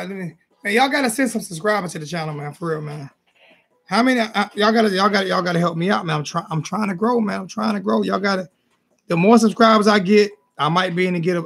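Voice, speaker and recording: A man's voice: high-pitched, creaky, a bit bright. A man hosting a casual sports talk show, loose and joking, often repeating his phrases. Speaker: host. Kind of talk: casual call-in chat.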